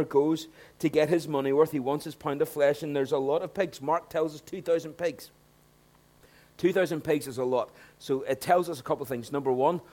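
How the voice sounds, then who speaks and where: A man preaching a sermon, swinging between hushed asides and loud, emphatic points. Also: fairly high pitch.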